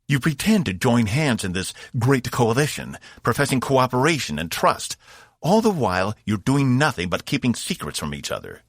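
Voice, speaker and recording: A man's voice: mid-range voice, huge pitch swings, unhurried, fairly bright tone, no echo, studio quality, pitched above the performer's own voice, full character voice. A man voicing a seething blue alien woman warrior. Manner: seething, contemptuous, commanding. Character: furious towering blue-skinned alien female consul.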